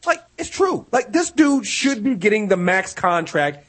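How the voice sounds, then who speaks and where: A man's voice: sits high, sing-song, fairly bright tone. A man co-hosting a podcast in casual chat, rambling and restarting as he swears his way through his points. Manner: rambling, halting restarts, profane. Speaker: podcast co-host.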